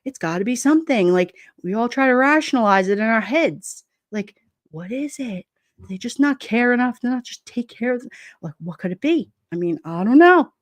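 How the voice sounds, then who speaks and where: A woman's voice: a little high, expressive, normal speed, no echo. A middle-aged woman with a New York accent chatting casually to her livestream, blunt and streetwise, often breaking into laughs. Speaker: livestream host. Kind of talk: casual live-chat talk.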